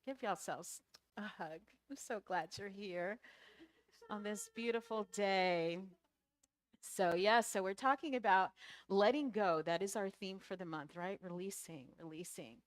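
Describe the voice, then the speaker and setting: A woman's voice: mid-range voice, measured pace, no room sound. A woman minister giving a conversational sermon, laughing often and acting out the characters of a story.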